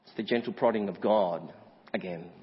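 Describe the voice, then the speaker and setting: A man preaching a sermon as pastor, asking the congregation direct questions and swinging from high emphatic peaks to quiet asides. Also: normal speed, husky. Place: church. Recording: muffled church sermon recording with long reverb.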